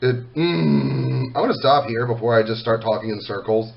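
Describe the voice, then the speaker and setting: A man casually talking to his viewers, reading comments aloud, emotional and swearing freely, swinging from loud outbursts to soft, quiet thanks. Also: mid-range voice, normal speed, vocal fry, lo-fi sound, a little hiss or hum. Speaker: content creator reading comments.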